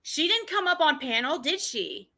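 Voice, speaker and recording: She speaks in a high, sing-song voice with a sharp tone. As a livestream host in a casual setting, she's blunt and ready to fight, swearing regularly and often breaking off to begin sentences again.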